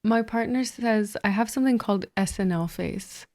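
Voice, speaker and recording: A woman's voice: medium pitch, normal speed, darkish tone. A woman co-hosting a podcast in casual comedic chat, laughing easily. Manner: laughing, easygoing. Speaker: podcast co-host.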